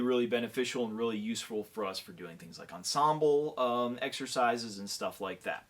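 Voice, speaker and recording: A man giving a percussion lesson who counts beats aloud and keeps checking in with the listener. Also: mid-range voice. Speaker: percussion clinician. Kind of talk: instructional demonstration.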